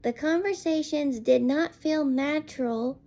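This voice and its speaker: A woman with a high voice rants her way through a casual film review at an unhurried pace. She rambles, sounds exasperated, and leans on "like" between thoughts. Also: dark tone. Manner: rambling and exasperated, heavy use of "like".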